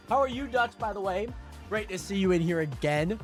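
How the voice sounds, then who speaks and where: A man with a high, bouncy voice that swoops up and down, chatting loosely with his stream viewers as he plays. He rambles and repeats himself between game moves, talking into a desk mic. Music plays clearly underneath. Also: animated, fairly quick. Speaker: livestreamer. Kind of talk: casual gaming livestream chat. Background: background music.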